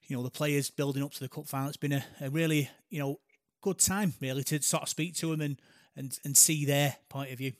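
A man's voice: on the high side, steady tone, brisk, no echo, studio quality. A man, co-hosting a casual chat, talking hesitantly and reflectively. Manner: hesitant, reflective, soft-spoken. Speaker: podcast co-host.

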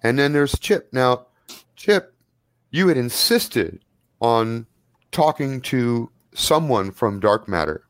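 A man narrating a tabletop role-playing game as game master, in a relaxed, loose way with plenty of fillers. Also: mid-range voice, slow, no echo, clean studio sound.

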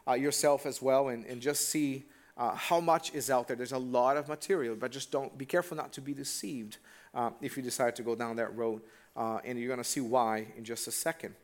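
Casual preacher man, mid-pitched. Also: fairly even intonation, a little fast. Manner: casual and direct, asks the congregation questions. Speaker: pastor. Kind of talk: conversational sermon.

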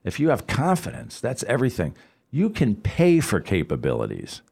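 A middle-aged man, a guest on a radio talk show, telling stories in a casual, animated way and acting out the people he quotes. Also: mid-range voice, normal speed, creaky, slightly rough. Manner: animated storyteller, acts out quoted voices. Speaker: guest, financial advisor.

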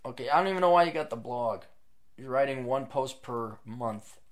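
A man hosting his own podcast in a casual, sarcastic, rambling monologue, reading out plugs and jumping between loud bursts and mutters. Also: mid-range voice, lively intonation, normal speed. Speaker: podcast host.

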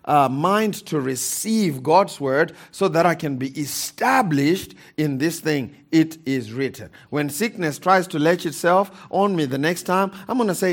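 A man's voice: fairly high pitch, expressive, a little slow, hardly any pauses. A man preaching a sermon in a church, repeating key phrases and calling for amens. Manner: calls for amens from the congregation. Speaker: pastor.

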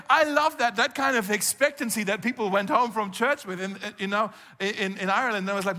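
Bright-voiced pastor preaching in a hall. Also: male voice, high-pitched, brisk, few pauses. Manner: conversational, animated preaching with rhetorical questions. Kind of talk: sermon. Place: church hall.

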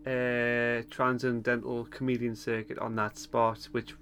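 A man in easygoing podcast chat, his voice sitting at an ordinary middle pitch. He rambles a little, fills gaps with ums and breaks into laughter often. A faint hiss sits under his voice. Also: level tone, unhurried, a bit bright. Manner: chatty, laughs often, hesitant with many ums. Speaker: podcast co-host. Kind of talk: casual chat recapping a TV episode.

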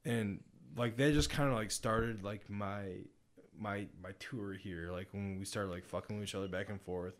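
A man's voice: fairly low pitch, steady tone, normal speed. A man from upstate New York, a Navy chief guest on a podcast, telling profane, joking stories in casual chat. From upstate New York, USA. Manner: profane, joking storyteller who acts out both sides of his anecdotes.

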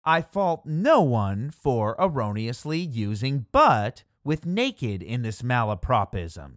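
A man's voice: mid-range voice, a bit bright, dry recording, clean studio sound. A man giving scripted comedic narration in a pompous, pedantic, wordy manner.

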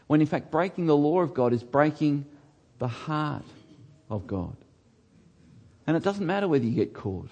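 A middle-aged man preaching a sermon, earnest, slowing down and dropping his voice on key words. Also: mellow, slightly rough. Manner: earnest, slows down and drops low on key words. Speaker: pastor.

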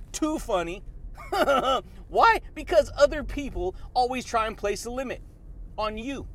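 A man hosting a motivational podcast, hyped and slangy, repeating catchphrases and laughing often. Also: high voice. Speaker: podcast host.

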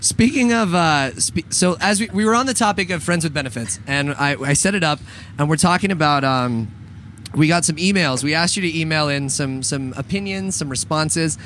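A slightly high-voiced man co-hosting a loose, jokey talk show. He rambles through his points with plenty of fillers and restarts and laughs easily, over a faint hiss of background noise. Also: moderate pace, fairly bright tone. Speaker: podcast co-host. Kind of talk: casual chat with banter.

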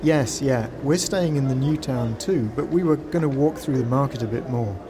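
A man voicing a young female British student who asks polite, earnest questions, his voice lifted a little higher for her. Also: normal speed, noisy background, close to an everyday voice.

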